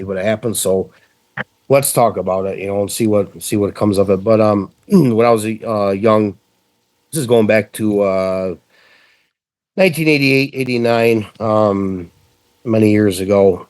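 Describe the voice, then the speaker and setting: A middle-aged man from central New York appears as a podcast guest, telling a story in a casual, animated way and swearing frequently. His voice is fairly low and unhurried, with no room sound.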